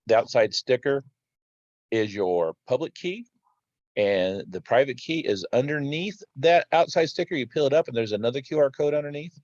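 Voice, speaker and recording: A man hosting a casual crypto video, talking over slides in a halting way with many fillers and restarts. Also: lowish voice, darkish tone, no room sound. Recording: dull, slightly lo-fi dry sound.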